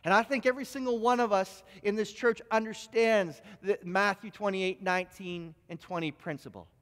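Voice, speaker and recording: A man preaching a sermon as pastor, telling stories in an animated, self-deprecating way with frequent restarts. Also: high-pitched, normal speed. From Ontario, Canada. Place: church sanctuary. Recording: long church hall reverb.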